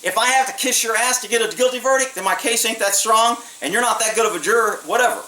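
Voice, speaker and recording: A man's voice: very high voice, fast talker, sharp tone. A man, a former police officer, telling a story in a blunt, streetwise way and swearing freely. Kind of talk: casual storytelling. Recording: echoey room, mic at a distance, faint hiss.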